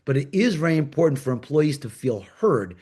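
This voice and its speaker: A man from New York, talking in a panel discussion and telling workplace stories with lively, acted-out dialogue. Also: on the high side, fairly quick, breathy edge. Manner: animated storyteller, acts out quoted dialogue. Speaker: agile coach and panel host. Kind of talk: conversational panel talk.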